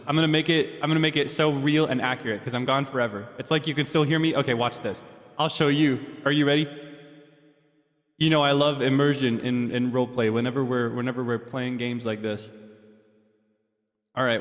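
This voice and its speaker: A man chatting casually on a livestream, playful and repeating himself in quick bursts. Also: mid-range voice, fairly even intonation, no room sound, studio quality. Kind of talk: casual stream chat.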